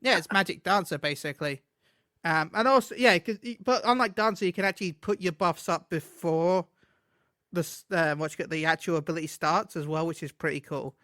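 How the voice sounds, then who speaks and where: Man, high bright voice, excitable, laughs a lot, stumbles over words, dry close sound, casual podcast co-host. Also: fairly quick, no room sound. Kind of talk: casual gaming chat.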